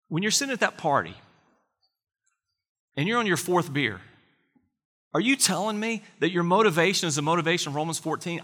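A pastor delivers a sermon in an earnest, conversational way, leaning on rhetorical questions. His voice is a fairly high, bright, forceful male voice. The sound carries the long reverb of a large church hall. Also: big pitch swings, a little fast, pauses often.

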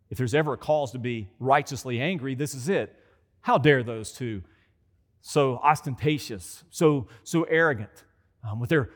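A man preaching a conversational sermon as a pastor. He repeats phrases for emphasis and acts out quoted voices. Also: medium pitch. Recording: long hall reverb.

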